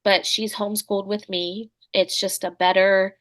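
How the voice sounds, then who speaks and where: A woman author is the guest in a conversational interview. She speaks in a middle pitch and comes across as earnest, thoughtful and soft-spoken. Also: level tone, normal speed.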